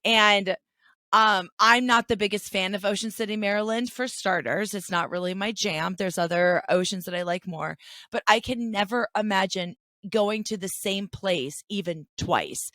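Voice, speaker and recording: A woman co-hosting a podcast in casual chat, talking in an animated way and laughing often. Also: medium pitch, normal speed, no room sound, clean studio sound. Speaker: podcast co-host. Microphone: studio headphones.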